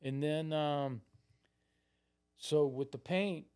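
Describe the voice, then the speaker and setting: A man's voice: fairly high pitch, slow pace, darkish tone, clean tone. A man in his sixties, a podcast guest telling rambling stories, swearing constantly and acting out what he once said. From Florida, United States. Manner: rambling, heavy swearing, acts out his own past lines. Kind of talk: casual storytelling.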